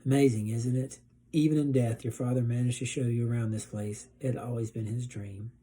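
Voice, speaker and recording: Guy doing a gentle storybook grandma fairy godmother, low and mellow. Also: fairly even intonation, fairly quick, husky, natural voice. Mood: wistful. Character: kind grandmother fairy godmother, warm and proud.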